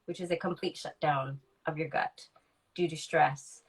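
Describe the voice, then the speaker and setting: A woman in her forties with a fairly low voice speaks as a podcast guest. She tells a candid personal story in a reflective way, with many ums, and acts out remembered conversations. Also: steady tone, a little slow, low-quality recording.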